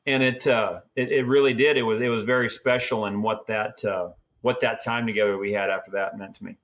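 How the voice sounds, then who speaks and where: A middle-aged man from Oregon, a team roper and trainer, telling stories in a casual, folksy way. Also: lowish voice. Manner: folksy, animated storyteller acting out quotes. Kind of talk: casual storytelling.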